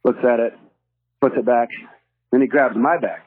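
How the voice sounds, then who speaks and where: A man casually telling a story, breaking into lively impressions of the people in it. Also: medium pitch, moderate pace, narrow, tinny audio. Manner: animated, acts out the cop's lines.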